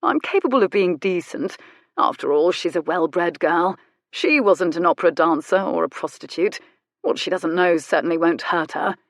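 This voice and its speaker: A woman's voice: fairly low pitch, lively intonation, normal speed, dry recording, studio quality. A woman reading an audiobook, voicing a smug, cruel aristocratic man in a self-satisfied, sneering manner. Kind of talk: audiobook character voice.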